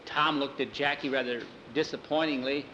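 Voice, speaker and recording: A man telling a homespun story aloud, halting with fillers as he goes. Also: medium pitch, fairly even intonation, sharp tone, dull audio, slight background noise. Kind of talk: folksy oral storytelling.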